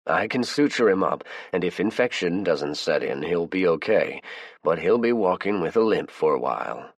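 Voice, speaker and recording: A deep-voiced man plays a calm, fatherly army medic in an audiobook. He reassures and gives orders steadily. The sound is dry and close. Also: normal speed, no room sound.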